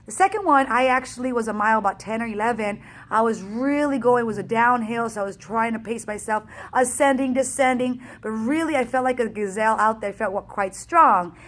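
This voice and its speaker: A woman fitness coach telling a race story in a casual, energetic, chatty way, acting out the back-and-forth. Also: a little high, a little fast, few pauses.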